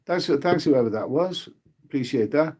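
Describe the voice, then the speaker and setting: A man's voice: fairly high pitch, expressive, normal speed, darkish tone. A man hosting a travel live stream in a casual, rambling way, repeating his words and leaning on fillers. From United Kingdom.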